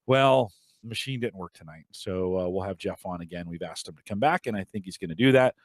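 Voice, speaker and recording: Low-voiced chatty podcast host. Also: male voice, a little fast, no echo. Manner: rambling, chatty, frequent restarts. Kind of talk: casual podcast chat.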